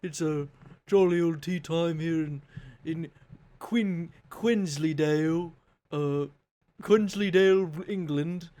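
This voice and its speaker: A hammy posh British host, as an American man puts him on, fairly high-pitched and drawn out slowly. He stumbles over invented place names and hams up every greeting. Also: steady tone, warm tone. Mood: mock-posh. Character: mock posh British man hosting a show. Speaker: podcast host. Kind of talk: comedic put-on intro.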